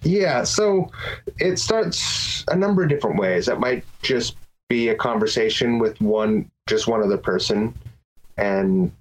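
Animated rambling man, podcast guest. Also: medium pitch, unhurried, poor audio. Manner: rambling, lots of restarts and fillers, animated. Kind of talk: casual interview chat.

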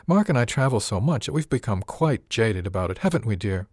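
A man's voice: mid-range voice, big pitch swings, fairly quick, a little mellow, no echo, clean studio sound. A man voicing a gushing wealthy lady passenger. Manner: effusive, languid, purring.

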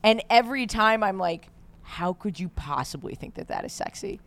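A woman with a New York accent, her voice hoarse with vocal fry, co-hosting a casual chat in a thoughtful, self-deprecating way. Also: mid-range voice, expressive, moderate pace, no echo. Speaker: podcast co-host.

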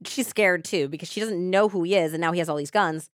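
A woman's voice: lowish voice, fast talker, clean tone, dry recording, clean studio sound. A woman hosting a podcast, casually retelling a true-crime case and peppering it with "like". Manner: chatty retelling with frequent "like". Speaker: podcast host.

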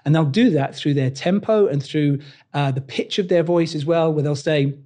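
A man's voice: fairly high pitch, normal speed, dark tone. A British man, a body language coach, talking in an interview and acting out quoted lines with animation. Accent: British English. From Britain. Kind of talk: conversational interview.

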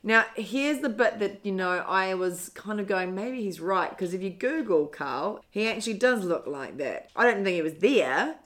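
A woman's voice: mid-range voice, lively intonation, moderate pace, few pauses, fairly bright tone. A woman co-hosting a podcast in casual chat, reading a manuscript aloud with wry asides. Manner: amused, wry, breaks off to comment while reading. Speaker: podcast co-host.

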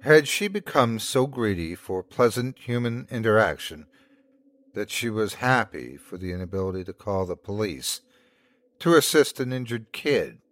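A man hosting and narrating a scripted horror story in a measured, dramatic way. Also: on the low side, sing-song, fairly bright tone. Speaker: host and narrator.

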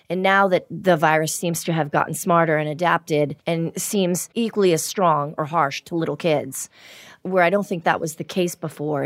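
Woman host with a low voice, measured and thoughtful. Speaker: podcast host. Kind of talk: podcast conversation.

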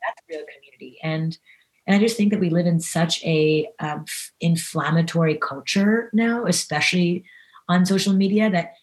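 A woman's voice: lowish voice, normal speed. A woman being interviewed in a podcast, talking casually and earnestly, with lots of fillers and restarts. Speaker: podcast guest.

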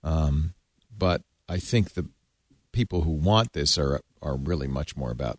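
A male podcast host in a casual discussion, wry and animated. His pitch moves a lot, and the sound is dry and close. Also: a little slow, dry recording. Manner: wry, animated, asks questions.

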